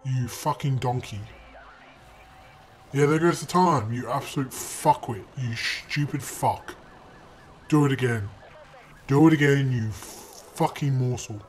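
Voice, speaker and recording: A man's voice: mid-range voice, slow, pauses often, faint music behind. A young man commenting on his own gameplay footage, exasperated and swearing constantly as he hurls insults at himself. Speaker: gaming video creator.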